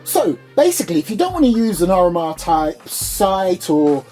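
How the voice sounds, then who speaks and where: Man putting on a chirpy high reviewer voice. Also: normal speed, faint music behind. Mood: enthusiastic. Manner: upbeat, playful, animated. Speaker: product reviewer host. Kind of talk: product unboxing review. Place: small home studio.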